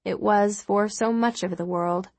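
This is scripted audiobook narration of a novel by a woman with a mid-range voice. She keeps a calm, even storytelling pace, captured in a dry recording.

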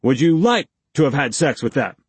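A male audiobook narrator voicing a pushy police interrogator who badgers with rapid-fire leading questions. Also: mid-range voice, very animated, slightly rough, dry recording, pitched above the performer's own voice. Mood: badgering. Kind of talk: audiobook character voice.

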